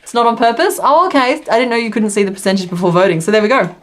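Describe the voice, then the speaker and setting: Racing along in a high, fairly bright voice, a young woman crochets live and chats with her audience. Laughter comes often, and she mutters stitch counts under her breath.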